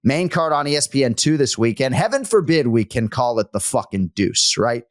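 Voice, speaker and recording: A man's voice: medium pitch, lively intonation, moderate pace, dry recording, clean studio sound. A man co-hosting a sports podcast, joking around in casual chat and swearing freely. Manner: profane, joking banter. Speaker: podcast co-host.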